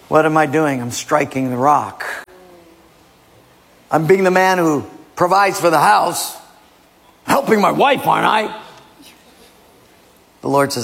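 A man preaches with a gravelly, somewhat husky voice, pitched a little high. He is animated and quotes scripture. Long reverb from a large hall surrounds him. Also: takes it slowly, long pauses. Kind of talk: sermon with acted skits.

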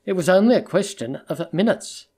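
An audiobook narrator reading a literary short story in a measured, even storytelling voice. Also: mid-range voice, slightly rough.

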